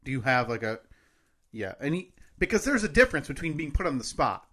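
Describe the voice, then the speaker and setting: A man's voice: medium pitch, very animated, a little fast, sharp tone. A man co-hosting a podcast in casual chat, joking and laughing often. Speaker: podcast co-host.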